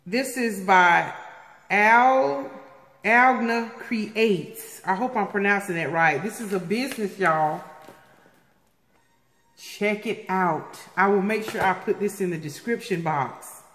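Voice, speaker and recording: A woman in a casual vlog, opening viewer mail. She gasps, repeats herself and gets excitable as she talks. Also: mid-range voice, slow. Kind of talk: casual unboxing chat. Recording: echoey room with faint noise.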